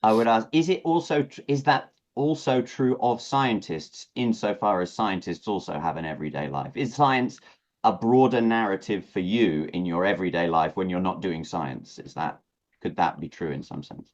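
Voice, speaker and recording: Halting, low-voiced male interviewer. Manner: halting, searching for words with many restarts. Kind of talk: hesitant conversational interview. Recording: dull lo-fi audio.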